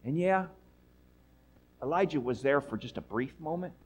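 A man playing an apostle who retells a miracle he witnessed in a first-person dramatic monologue, lively and chatty with asides to his listeners. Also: on the high side, normal speed, slight background noise, natural voice, poor audio. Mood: storytelling.

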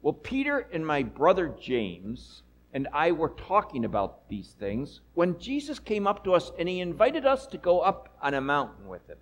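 An awed apostle retells, in first person, a miracle he saw with his own eyes, as a man acts him out. The voice sits a little high for a man and swings widely in pitch. He talks to his listeners in a lively, chatty way and turns to them with asides. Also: normal speed, hardly any pauses, poor audio. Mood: storytelling. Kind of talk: first-person dramatic monologue.

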